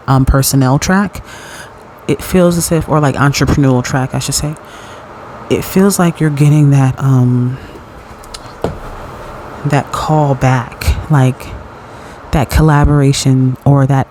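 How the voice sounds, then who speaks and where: Man, tarot reader, casual chat, fairly high voice, excitable, chatty. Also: a little hiss or hum, poor audio. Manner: chatty and excitable, laughs often, restarts sentences. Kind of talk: casual pick-a-card tarot reading. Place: home at night in dim lighting.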